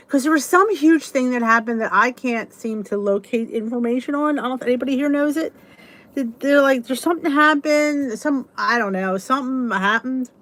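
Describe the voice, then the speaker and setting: A woman's voice: sits high, a bit bright. A woman hosting a casual livestream chat, greeting viewers by name and rambling through chatty asides. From United States. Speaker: livestream host.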